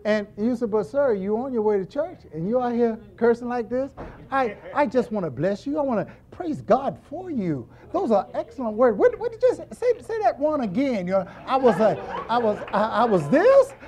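High, lively-voiced preaching deacon. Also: male voice, moderate pace, hardly any pauses. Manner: animated, acts out scenes with quoted voices, jokes and laughs. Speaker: church deacon teaching a class. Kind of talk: humorous Bible teaching.

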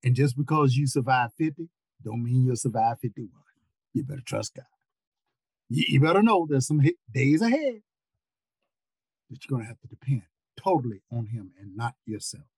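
Animated older man preaching. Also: mid-range voice, moderate pace, husky, no echo, rough recording. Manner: repeats words, rises into near-shouts. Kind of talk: sermon over a video call. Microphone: video call.

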